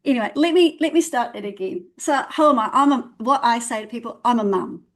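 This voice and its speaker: A woman's voice: fairly high pitch, animated, fairly quick. A middle-aged woman, a podcast guest, bubbly and self-deprecating. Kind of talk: casual podcast interview.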